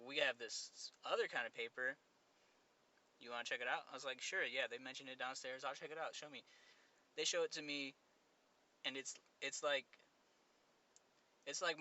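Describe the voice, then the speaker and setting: A man's voice: medium pitch, sharp tone, muffled recording. A young man hosting a podcast, telling a casual story with lots of fillers and restarts. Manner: rambling, many fillers and restarts. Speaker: podcast host.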